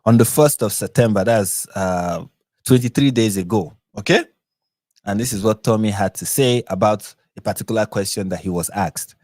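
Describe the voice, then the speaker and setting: A man with a Nigerian accent hosting a live reaction stream, chatty and quick to laugh, often restarting and correcting himself. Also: on the low side, a little mellow, dry recording, clean studio sound. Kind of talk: casual live-stream commentary.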